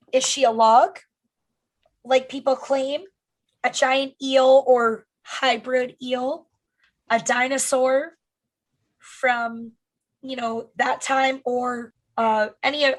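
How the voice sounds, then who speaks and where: High-voiced unhurried woman podcaster. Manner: chatty, trailing off with fillers and swearing. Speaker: podcast co-host. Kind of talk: casual comedic podcast chat.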